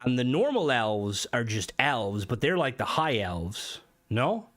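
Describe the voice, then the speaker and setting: A male game streamer talks loosely to his chat at a middling pitch, stumbling through fillers and restarts. He swears freely, and his voice jumps up sharply when something riles him. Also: big pitch swings, a little slow, fairly bright tone. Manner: rambling and profane, many fillers, jumps up in pitch when worked up. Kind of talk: casual live-stream chat.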